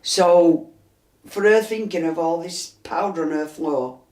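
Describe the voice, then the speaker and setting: A woman's voice: fairly low pitch, a little slow, a little mellow. An older woman with a Yorkshire accent and a chesty cough, telling a story inside her house and acting out the dialogue as she goes. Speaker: resident interviewee. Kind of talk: storytelling interview. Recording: roomy echo.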